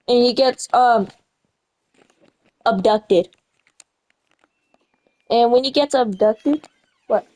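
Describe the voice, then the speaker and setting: A woman's voice: on the high side, drawn-out words, long pauses, mellow, rough recording. A young woman chatting casually while gaming, rambling through a story and often correcting herself and losing her place. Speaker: gamer retelling a story.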